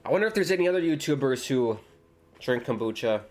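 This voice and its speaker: A man chatting casually on a live football watchalong stream, rambling between excited reactions to the match. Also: mid-range voice, quick pace.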